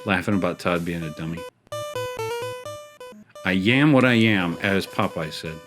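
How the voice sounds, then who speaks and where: A man's voice: low-pitched, measured pace. Middle-aged guy rambling through a story while gaming, jokey and self-mocking, faint game music behind. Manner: chatty, self-mocking, laughs at his own jokes. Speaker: gaming show host.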